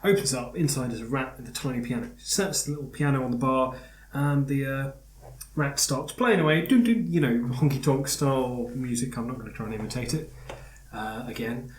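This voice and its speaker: A man's voice: mid-range voice, brisk, a little hiss or hum. A man hosting a casual podcast, rambling through a joke with lots of fillers and restarts. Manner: rambling, animated storyteller with many fillers. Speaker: podcast host. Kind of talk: casual chat, telling a joke. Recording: roomy echo.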